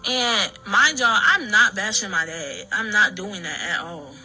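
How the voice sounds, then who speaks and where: A woman recounting her own story in halting, earnest talk full of restarts and fillers. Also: medium pitch, bright, forceful tone, soft background music, poor audio. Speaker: daughter telling her story. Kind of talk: personal account.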